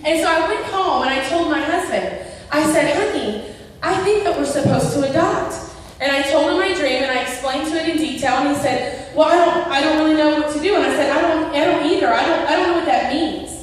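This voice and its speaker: A high-pitched middle-aged woman tells a personal faith story at a church event, acting out each quote as she goes. Her voice carries through a big echoing hall from some distance away, with a long reverb trailing off every phrase. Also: fairly quick, a little hiss or hum. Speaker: guest speaker. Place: large indoor event hall. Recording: echoey hall picked up from far off.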